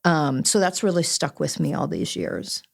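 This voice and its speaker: A woman guest on a talk show, speaking in a measured, reflective way with a few restarts. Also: low voice, vocal fry. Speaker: guest, team executive. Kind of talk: casual interview chat.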